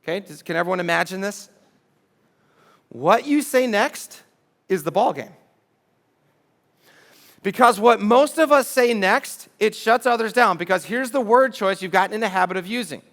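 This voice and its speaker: A man's voice: high-pitched, moderate pace, long pauses, fairly bright tone. A middle-aged man preaching a sermon in church, talking conversationally and asking the audience rhetorical questions. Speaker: pastor.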